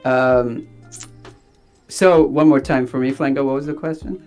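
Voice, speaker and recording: A man who is an actor and director, talking in a rambling, animated way with many fillers. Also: medium pitch, a little slow, clear, resonant tone, soft background music. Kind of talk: casual interview talk.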